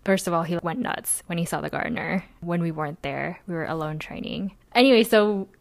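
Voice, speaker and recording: A woman's voice: fairly low pitch, fairly quick, creaky, no echo. Young woman rambling through a story on a podcast, lots of "like", dry close sound. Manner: chatty, rambling, many "like"s, laughs often. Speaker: podcast co-host. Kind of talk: casual storytelling chat.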